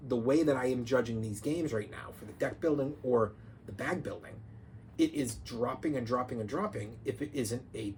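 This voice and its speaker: A chatty man talks through his board game rankings in a loose, conversational countdown. His voice sits at an ordinary middle pitch, and he often restarts sentences as he leans into his favourites. A faint hiss runs under the recording. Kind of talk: casual top-ten countdown.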